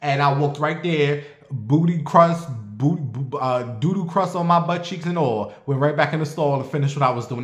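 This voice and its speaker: Animated, profane man telling a story. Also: a little high, moderate pace, echoey room. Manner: animated, profane, addresses viewers directly. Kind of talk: casual storytime monologue.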